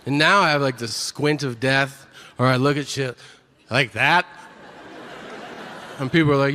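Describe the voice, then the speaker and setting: A man's voice: mid-range voice, moderate pace, pauses often. A man in his forties performing a live stand-up set, telling profane stories and acting out the people in them. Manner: profane, animated storytelling with acted-out quotes. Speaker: stand-up comedian. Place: stage before a live audience. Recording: live stage recording with crowd noise.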